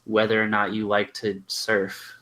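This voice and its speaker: A man with a Californian accent, a podcast guest who explains his points at length in a measured, casual way. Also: lowish voice, completely flat delivery, sharp tone. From Arizona and California, USA.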